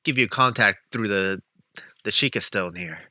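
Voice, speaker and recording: A man narrating his character in a tabletop role-play, halting and full of fillers. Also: on the low side, pushed and bright, dry recording, clean studio sound. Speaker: tabletop player.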